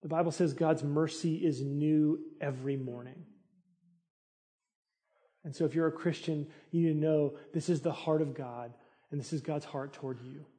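A man's voice: on the high side, steady tone, normal speed, mellow. A middle-aged man preaching a sermon in an earnest, conversational way that rises in intensity. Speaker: pastor.

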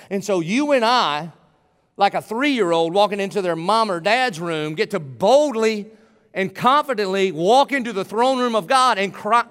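Middle-aged male pastor with a high voice, preaching emphatically in a church with long reverb. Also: fairly bright tone. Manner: emphatic, conversational preaching with rising, pleading peaks. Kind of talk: sermon. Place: church sanctuary.

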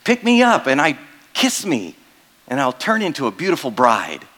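Pushy little talking frog, high and insistent, put on by a male preacher, echoing in a church hall. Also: wildly swooping pitch, moderate pace, fairly bright tone. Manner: insistent, pleading.

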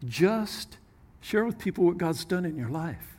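A man preaching a sermon as pastor, earnest, with sudden drops into soft, hushed asides. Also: high-pitched, normal speed.

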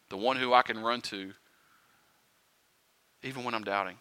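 A man preaching a sermon in a conversational way, asking the listeners rhetorical questions and swinging between quiet and loud. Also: mid-range voice, moderate pace, pauses often. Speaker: pastor. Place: church sanctuary.

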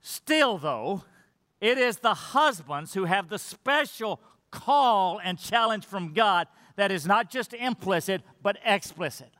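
A man delivers a sermon from the pulpit in a high, bright voice. He reads scripture and drives his points home through earnest, emphatic repetition. The sound carries the long reverb of a church hall. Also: lively intonation, a little slow. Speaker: pastor. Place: church sanctuary.

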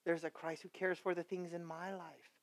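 A man preaching a sermon to his congregation. He swings between loud, impassioned exhortation and quiet, conversational storytelling with asides. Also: a little high, level tone, moderate pace. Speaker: pastor.

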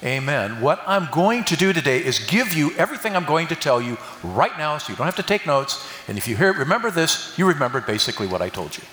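A man's voice: a little high, sing-song, quick pace, few pauses, bright, forceful tone, slight background noise. An older man giving a folksy sermon with jokes and call-and-response with the congregation. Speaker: preacher. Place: church hall. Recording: echoey hall from a distance.

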